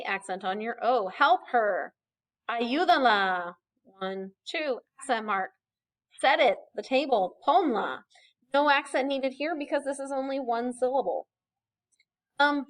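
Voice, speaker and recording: Young woman, teacher, recorded lesson, patient step-by-step explaining, fairly high voice. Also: fairly bright tone. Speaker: Spanish teacher.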